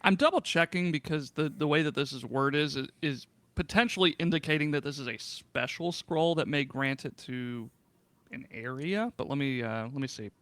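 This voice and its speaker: A man's voice: on the high side, normal speed, a bit bright, dry recording. A man running a tabletop game as game master, giggly and self-deprecating, with frequent restarts.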